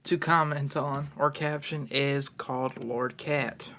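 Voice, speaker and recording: A young man hosting a casual podcast, leading the segments in a relaxed way and swearing now and then. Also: medium pitch, takes it slowly. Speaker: podcast host.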